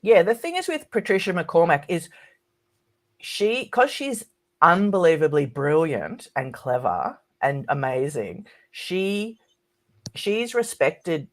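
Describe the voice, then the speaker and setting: A woman academic as a podcast guest, talking casually and ranting with animation. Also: on the low side. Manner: animated ranting, quick to mimic others.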